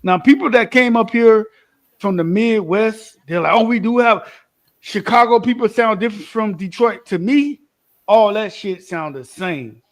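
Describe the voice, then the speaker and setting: A man's voice: sits high, expressive, unhurried. A man co-hosting a casual podcast chat, blunt and opinionated, swearing freely.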